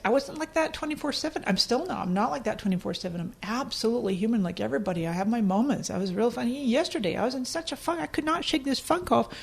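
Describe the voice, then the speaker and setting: A middle-aged Scottish woman talks as a podcast guest in a mid-range voice. She tells her stories with animation, often laughing. She jumps up in pitch when she acts out what she said back then. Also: gravelly. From Scotland. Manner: animated, laughing often, acting out her own past lines in a higher voice. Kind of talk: casual storytelling interview.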